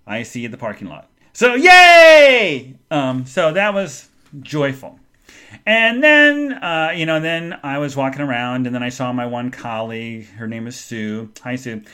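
A man's voice: medium pitch, normal speed, fairly bright tone, clean tone. A man hosting a podcast, telling a long casual story in a chatty, rambling way and acting out the voices he quotes. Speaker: podcast host.

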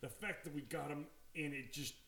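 A man's voice: fairly high pitch, moderate pace, gravelly, bright, forceful tone. A man co-hosting a podcast, talking football in an emphatic, incredulous, casual way. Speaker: podcast co-host. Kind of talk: casual sports chat.

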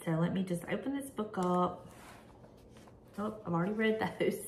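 A woman's voice: mid-range voice, normal speed, darkish tone, echoey room, a little hiss or hum. A woman vlogger reading a devotional prayer aloud and reflecting on it in an earnest, candid, conversational way.

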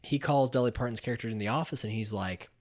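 A man's voice: medium pitch, quick pace, a little mellow. A man co-hosting a casual chat, animatedly retelling a film plot, acting out the characters' lines and laughing often. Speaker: podcast co-host.

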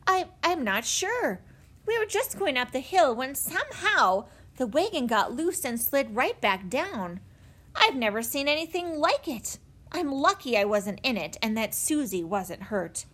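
A woman's voice: high-pitched, very animated, unhurried, a bit bright, voice pushed up, exaggerated voice. A woman voicing a shaken, friendly ice cream seller who stammers a little.

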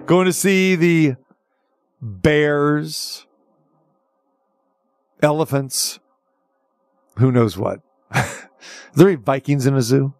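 A man hosting a sports talk radio show, telling stories in an animated, excitable way with stammered restarts. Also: on the high side, slow pace, pauses often, no room sound, studio quality, faint music behind.

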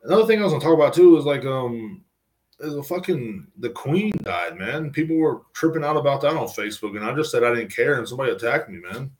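A man's voice: mid-range voice, lively intonation, quick pace, rough recording. An American man hosting a podcast alone, ranting in a loose, profane, rambling way and tagging lines with "you know what I'm saying.". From United States. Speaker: podcast host. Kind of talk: casual solo podcast monologue.

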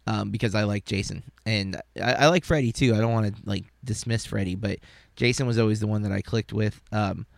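Man, gravelly low voice, hesitant rambling chat, dry sound. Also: a little fast, no room sound. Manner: rambling, hesitant, lots of fillers. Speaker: podcast co-host. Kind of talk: casual chat.

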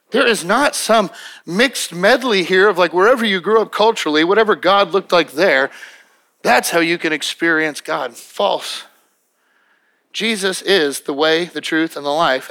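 A middle-aged man preaching a sermon as pastor, emphatic and repetitive, acting out quick little dialogues. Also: high voice, pushed and bright.

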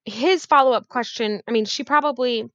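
Woman picking apart a dating show, kinda high voice, dead dry lo-fi mic. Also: moderate pace, fairly bright tone, dry recording. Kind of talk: casual chat recapping a dating show.

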